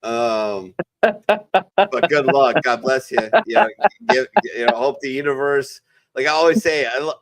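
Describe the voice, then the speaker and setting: A man's voice: medium pitch, animated, unhurried, crowd noise. Man, former marine, swears a lot, rambling stories, video call chat. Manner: profane, rambling storyteller. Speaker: veteran show host. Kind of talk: casual chat.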